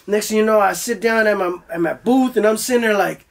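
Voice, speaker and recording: A man's voice: high voice, fast talker, gravelly. A young man telling a story in a loose, profane style, acting out his own voice as he goes. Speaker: guest. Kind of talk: casual storytelling.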